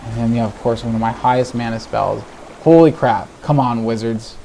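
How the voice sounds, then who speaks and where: A man commentating his own card game, ranting in exasperation and swearing, swinging between low muttering and sudden shouts. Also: moderate pace, gravelly, slight background noise. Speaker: gaming video host. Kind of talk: live gameplay commentary.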